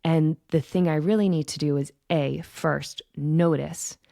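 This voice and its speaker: A woman speaks in a low, gravelly voice with a mellow, relaxed tone. She hosts her own podcast and explains ideas in a slow, gentle, reflective way, often pausing to ask "right?". The recording is dry and close, with no room sound. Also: dry recording. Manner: gentle, reflective, frequent "right?" check-ins. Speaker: podcast host and intuition coach. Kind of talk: calm teaching monologue.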